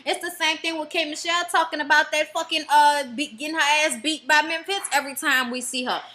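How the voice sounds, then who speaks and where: Woman reviewer, high bright voice, blunt and foul-mouthed, casual. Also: a little fast, few pauses. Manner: blunt, profane, sassy. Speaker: reality TV reviewer.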